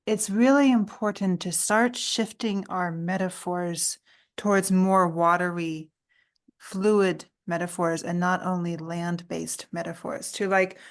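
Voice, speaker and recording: A woman podcast host speaking reflectively and searching for her words. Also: fairly low pitch. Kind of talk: reflective conversation.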